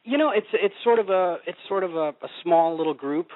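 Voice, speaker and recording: A man's voice: high-pitched, a little fast. Laid-back man on a tinny phone line. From Oklahoma. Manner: rambling, laid-back, trails off and restarts. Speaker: voice actor guest. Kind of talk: casual interview.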